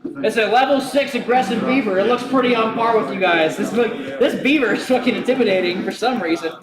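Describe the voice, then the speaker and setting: High-voiced man running a live game. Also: brisk. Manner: laughing, loose, joking narration. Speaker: game master. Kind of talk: live tabletop game narration. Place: brewery, live show. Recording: roomy live venue with crowd. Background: crowd.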